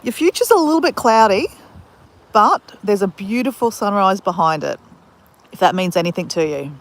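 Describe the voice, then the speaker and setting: This Australian woman has a medium-pitched, animated voice at a normal pace. Outdoors on a beach at sunrise, she runs a relaxed live stream on a handheld phone, talking with viewers by name and laughing a lot.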